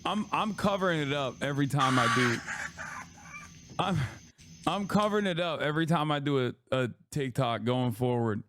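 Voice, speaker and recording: Crisp-voiced casual streamer man. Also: on the high side, lively intonation, normal speed, fairly bright tone. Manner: casual, profane, wry. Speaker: streamer host. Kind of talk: live-stream reaction commentary.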